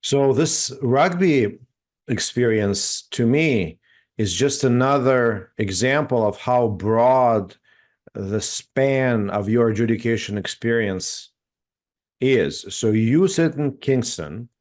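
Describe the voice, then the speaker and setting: A man's voice: medium pitch, slow, a little mellow. A man hosting an interview, asking long, winding questions and laughing along with his guest.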